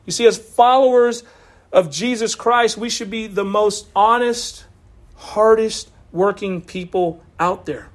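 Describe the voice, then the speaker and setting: A man's voice: high voice, a little slow. A man preaching a sermon in a loose, conversational way, with asides and laughs, over a video call. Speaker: pastor.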